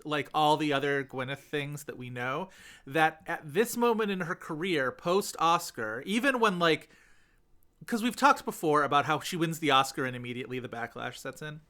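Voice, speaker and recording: A man's voice: fairly high pitch, bright, forceful tone. A man co-hosting a podcast, talking in a chatty, rambling way full of fillers. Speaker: podcast co-host. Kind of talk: casual chat.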